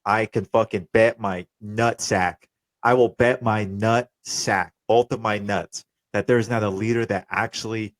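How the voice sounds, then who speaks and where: A young man hosting a casual podcast, talking loosely with some swearing and stopping to explain terms. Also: lowish voice. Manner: relaxed, profane, explains terms. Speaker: podcast host.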